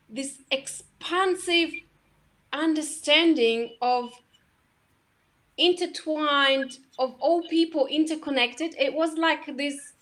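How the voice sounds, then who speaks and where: A woman talking in a soft, halting way in a casual spiritual conversation, with many restarts. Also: high-pitched. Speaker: co-host.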